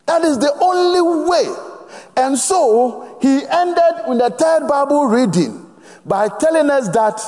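A man's voice: extremely high pitch, lively intonation, slow pace, a little mellow. A man with a Ghanaian accent preaching a sermon emphatically, prompting the congregation to finish his phrases. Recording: long reverb of a large hall.

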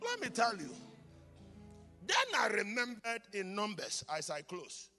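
A male pastor preaching a sermon, moving between calm teaching and shouted blessings, switching between English and Twi. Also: high-pitched, measured pace, long reverb tail, faint music behind. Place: church.

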